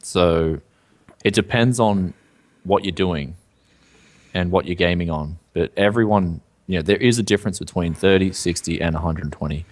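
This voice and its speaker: A man's voice: low voice, normal speed. A man co-hosting a casual tech news show, laid-back and rambling, filling gaps with "yeah". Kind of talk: casual tech podcast chat.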